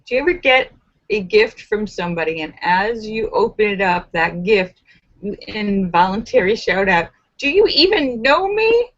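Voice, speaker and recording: A woman's voice: medium pitch, moderate pace, fairly bright tone, lo-fi sound. A woman hosting a live stream, chatting casually and reading jokes aloud, giggling often. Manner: giggly, chatty, laughs between lines. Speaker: host of a live joke stream.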